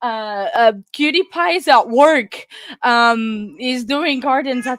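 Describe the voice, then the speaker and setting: A woman's voice: fairly high pitch, takes it slowly, no echo. A woman hosting a true crime channel, out of breath and flustered, rambling to her viewers with nervous laughs. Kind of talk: casual chat to viewers.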